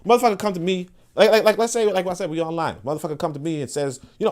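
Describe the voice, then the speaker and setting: A man's voice: sits high, very fast, hardly any pauses, darkish tone. Blunt, profane New man. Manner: blunt, profane, repeats words when restarting. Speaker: podcast host. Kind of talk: casual monologue.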